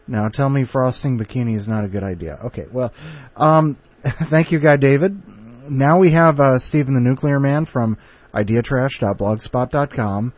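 A man's voice: medium pitch, normal speed, dry recording, lo-fi sound. A man hosting a podcast, chatty, laughing often and stumbling over fillers as he introduces contributors. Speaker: podcast host.

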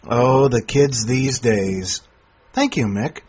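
Husky host, jokey rambling patter, lo-fi. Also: male voice, medium pitch, slow pace, a little mellow. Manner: rambling, jokey, sarcastic asides. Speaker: podcast host. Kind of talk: casual podcast hosting. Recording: dull lo-fi recording.

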